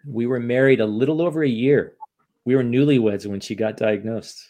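Speaking with a warm, mid-range voice at a brisk pace, this US-born author opens up candidly in an interview. He gets emotional, curses occasionally, and frequently starts his sentences over.

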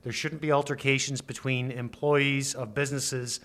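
A male lawyer explaining rules in an interview, speaking in a measured, precise and formal way. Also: mid-range voice, little pitch movement, a bit bright. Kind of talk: expert interview.

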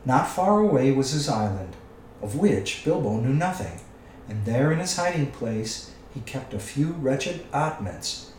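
A man reading a storybook aloud with expressive storytelling. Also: mid-range voice, unhurried, distant mic, slight background noise. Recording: echoey room, away from the mic.

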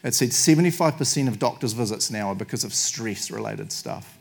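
Joking New pastor preaching. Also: male voice, medium pitch, moderate pace, gravelly. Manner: jokey, animated, laughs often. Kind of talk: sermon.

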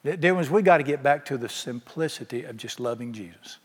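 A man's voice: mid-range voice, expressive, fairly quick, husky. A man preaching a sermon, telling folksy stories and acting out the dialogue himself. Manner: folksy storytelling, acts out quoted dialogue. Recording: long hall reverb.

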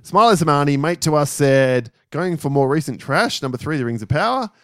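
A man co-hosting a podcast, reading out listener lists in casual, animated chat with frequent swearing and laughter. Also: a little high, brisk, no room sound, studio quality. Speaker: podcast co-host.

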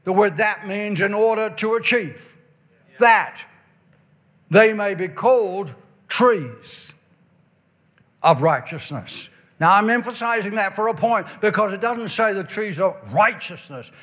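A man preaching a revival sermon, stretching key words, breaking into shouts and a sing-song cadence while reading scripture. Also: sits high. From Ireland. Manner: emphatic, drawn-out stresses, bursts of shouting and sing-song phrasing.

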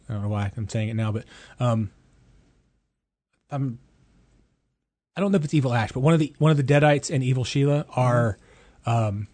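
A man's voice: mid-range voice, no echo. A man in his forties co-hosting a casual movie chat podcast, swearing, joking and ranting. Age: 40s. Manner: animated, profane, ranting. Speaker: podcast co-host.

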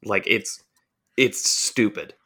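A man's voice: fairly low pitch, slow, bright, forceful tone, husky. A man from the southern United States, co-hosting a podcast and telling a long, profane, rambling story in casual chat. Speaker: podcast co-host.

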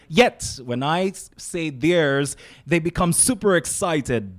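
A man with a Nigerian accent delivers spoken-word poetry, leaning hard on each repeated phrase. His voice sits a little high for a man, and his delivery is emphatic and theatrical. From Nigeria, Calabar. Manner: dramatic, emphatic, with rhythmic repetition.

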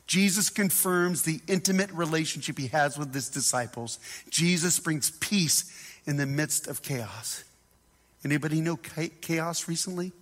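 High voiced pastor guy preaching, animated, acts out the bible bits, long hall echo. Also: measured pace. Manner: animated, acts out scripture voices, dropping to hushed tones. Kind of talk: sermon.

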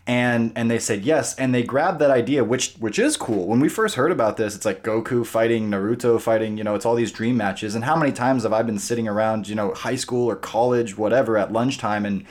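A man hosting a gaming podcast, talking casually with rambling, animated energy. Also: mid-range voice, fairly quick, hardly any pauses. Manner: rambling, animated, restarts often. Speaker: podcast host.

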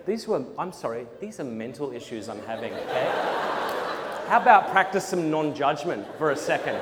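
This speaker from South Australia gives a funny conference talk in a large hall, his slightly high voice at normal speed. His storytelling is animated, full of acted-out quotes and laughs, and the recording has hall reverb with faint noise.

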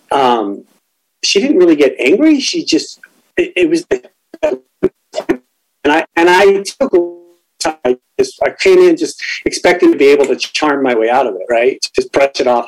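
A middle-aged man speaks with a candid, reflective openness, pausing and restarting as he works through his thoughts. His voice sits at an ordinary pitch for a man, and his story comes out in a personal, unpolished way. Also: low-quality recording. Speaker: guest sharing a recovery story.

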